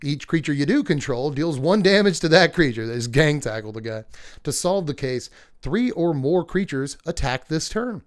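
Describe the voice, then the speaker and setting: Young man, card review host, slightly high voice, chatty, laughs a lot, casual fillers. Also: animated, normal speed. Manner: chatty, laughs often, lots of fillers and asides. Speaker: card game video host.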